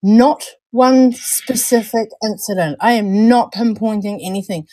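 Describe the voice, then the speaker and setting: A woman's voice: on the high side, unhurried, dark tone. A young woman co-hosting a casual livestream chat, talkative, stumbling over and repeating words and laughing at herself. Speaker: podcast co-host.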